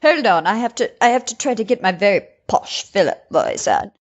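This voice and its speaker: A giggly woman hosting a casual comedy podcast, reading texts and quotes aloud to her co-host. Her voice is lively and swings up and down, and the recording sounds a bit dull and lo-fi. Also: mid-range voice, brisk.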